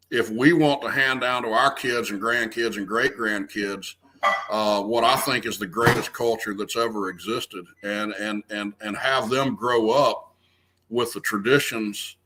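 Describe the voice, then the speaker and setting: A man's voice: mid-range voice, fairly bright tone, low-quality recording. A man, speaking earnestly as a guest and restarting phrases as he talks. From American South. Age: 50s. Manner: earnest, restarts phrases often, stresses key words. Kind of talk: conversational interview.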